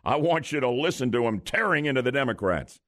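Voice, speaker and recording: A man's voice: mid-range voice, big pitch swings, fairly quick, fairly bright tone. A man hosting a talk radio show, emphatic and opinionated, taking calls in a studio. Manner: emphatic, takes caller questions.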